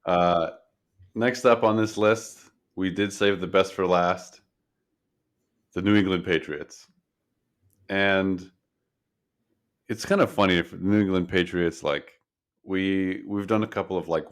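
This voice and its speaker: A man's voice: sits low, smooth. A man co-hosting a sports podcast, talking casually in a blunt, dismissive way. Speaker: podcast co-host.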